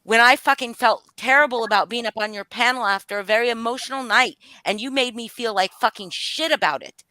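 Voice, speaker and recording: A woman's voice: a little high, brisk, pushed and bright, no echo. A woman speaking out angrily on a live stream, swearing often, her voice rising and falling. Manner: angry, profane, voice rising and falling. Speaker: livestream guest speaking out. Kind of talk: emotional live-stream confrontation.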